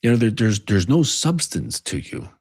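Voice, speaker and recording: This is a man with a husky, breathy edge to his voice, speaking in a casual monologue. He rambles and swears freely as he lectures like a men's coach. The sound is dry and close, with no room echo. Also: fairly low pitch, wildly swooping pitch, moderate pace, darkish tone. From United States.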